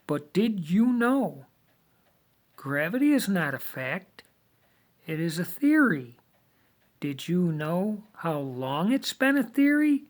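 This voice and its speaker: A man delivering a lecturing monologue, emphatic and deliberate, with many rhetorical questions. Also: high-pitched, sing-song. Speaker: video monologue host.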